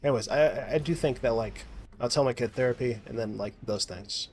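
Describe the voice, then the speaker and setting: Here a gaming vlogger from the United States speaks in a mid-range, darkish voice at a slightly quick pace, with some background noise behind him. He rambles casually through his play session, swearing heavily and breaking off to start sentences over, with plenty of fillers.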